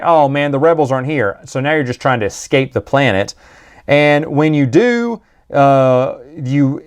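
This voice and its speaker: A man giving a casual, rambling book review, full of restarts and asides. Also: medium pitch. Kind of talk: casual monologue.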